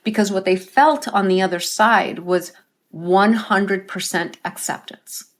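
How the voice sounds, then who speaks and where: A woman life coach, appearing as a guest on an interview show, tells stories earnestly in a conversational way. Her mid-range voice is steady and a little slow, and she often closes her points with a tag question.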